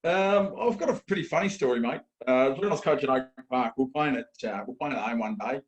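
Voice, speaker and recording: A man's voice: mid-range voice, quick pace. A man with an Australian accent tells a footy story in a loose, easygoing way. He chuckles at his own anecdote as the guest on a casual chat show. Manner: laid-back, laughs at own story. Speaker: guest, football coach.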